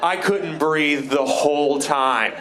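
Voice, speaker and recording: A man from Cleveland, Ohio, doing a live stand-up set on a comedy club stage, telling wry, self-deprecating stories that build into excited rants. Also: on the high side, takes it slowly, background noise. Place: comedy club stage before a laughing audience.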